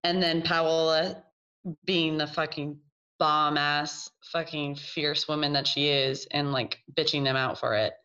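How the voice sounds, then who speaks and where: A woman's voice: low voice, steady tone, measured pace, pushed and bright, muffled recording. A woman in her twenties, a guest in a casual group chat, talking frankly and crudely. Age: 20s.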